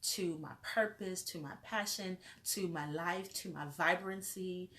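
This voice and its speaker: A woman's voice: on the low side, a little slow, a bit bright. A woman life coach giving an earnest, faith-filled motivational talk to camera, repeating phrases in rolling lists. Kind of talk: motivational vlog.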